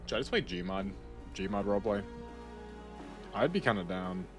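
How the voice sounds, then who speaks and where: This young man's fairly low, expressive voice moves at a moderate pace over music. He's a gaming streamer giving casual commentary as he plays, wandering off topic, breaking off mid-thought, and chatting with an off-mic friend.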